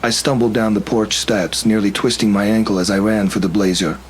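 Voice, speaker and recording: A man narrating a first-person horror story in a steady, tense storytelling manner. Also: fairly low pitch, fairly quick, slight background noise, rough recording.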